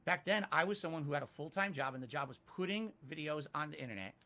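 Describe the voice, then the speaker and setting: A man with a bright, forceful voice that sits a little high for his sex. He answers interview questions with candid self-criticism and climbs to loud, emphatic peaks. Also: animated, quick pace. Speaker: interviewee, YouTuber.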